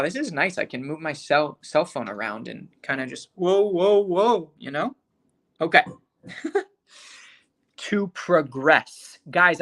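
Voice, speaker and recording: Teaching English in a live online class, this instructor pronounces example words slowly and with care, calls on students by name, and frequently checks that they are keeping up. The voice is mid-range with a fairly bright tone.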